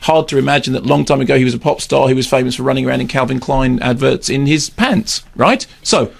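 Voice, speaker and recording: A man's voice: medium pitch, fast, creaky. A man reviewing a film in casual radio chat, rambling and sardonic, repeating words for comic effect. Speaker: film critic.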